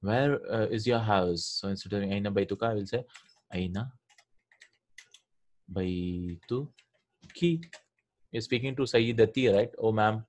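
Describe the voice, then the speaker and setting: A man's voice: lowish voice, fairly even intonation, brisk, hardly any pauses. A man teaching an online Arabic lesson, patiently explaining step by step and asking his students questions.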